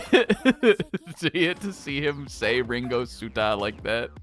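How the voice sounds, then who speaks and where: A man's voice: medium pitch, sing-song, takes it slowly, a bit bright. A man streaming a video game in a casual, rambling way, swearing often and laughing a lot. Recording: faint game music behind.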